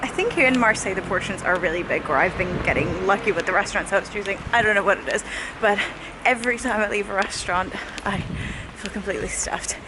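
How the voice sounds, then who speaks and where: A woman's voice: mid-range voice, fast, noisy background. A young woman talking casually to a handheld camera as a travel vlogger, upbeat and chatty, often laughing. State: out of breath walking uphill. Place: outdoors and indoors while traveling. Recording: music playing underneath.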